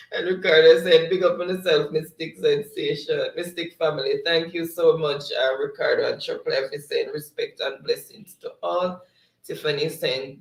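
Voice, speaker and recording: Laughing Jamaican host reading chat aloud. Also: male voice, a little high, fairly even intonation, unhurried, distant mic. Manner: reads comments aloud, laughs often. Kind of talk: casual livestream chat. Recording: echoey room, off-mic.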